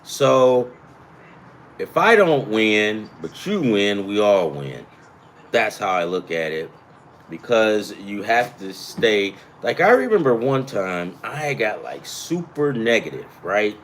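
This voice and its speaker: A man's voice: on the low side, big pitch swings, slow, fairly bright tone, slight background noise. A man hosting a casual sports betting chat, rambling and profane, with self-deprecating asides. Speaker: sports betting picks host.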